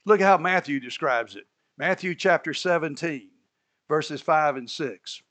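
A male preacher with a slightly raised voice delivers a lively sermon. He moves between plain explanation and excited acted-out lines. He chuckles now and then at his own asides. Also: fairly high pitch, unhurried. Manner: animated storytelling, acting out biblical characters. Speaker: pastor.

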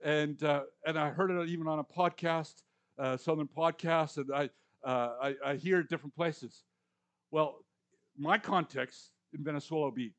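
A man in his sixties preaching a conversational sermon, repeating words for emphasis and swinging between loud and hushed lines. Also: on the high side, steady tone, normal speed. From Canadian or US prairies. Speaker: pastor.

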